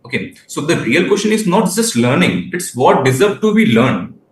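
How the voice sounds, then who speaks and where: A young man in his late teens gives interview answers. His phrasing is halting and he often restarts his sentences. His voice sits a little high and rings in an echoey room. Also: big pitch swings. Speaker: guest researcher.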